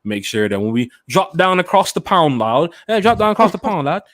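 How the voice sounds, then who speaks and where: A man's voice: fairly low pitch, steady tone, fairly quick, no echo, close to an everyday voice. A man putting on a chummy, clipped posh British bloke voice as a joke on a podcast. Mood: jokey.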